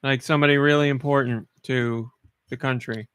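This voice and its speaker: A man's voice: mid-range voice, fairly even intonation, moderate pace, fairly bright tone, clean tone, no echo. A man hosting a casual podcast, joking and reading out chat comments as he taste-tests snacks. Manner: playful, reads chat comments aloud while eating. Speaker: podcast host.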